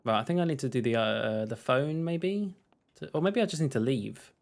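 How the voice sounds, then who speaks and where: A man's voice: medium pitch, expressive, moderate pace, gravelly. Chatty man streaming a game. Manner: rambling, chatty asides. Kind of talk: casual let's-play commentary.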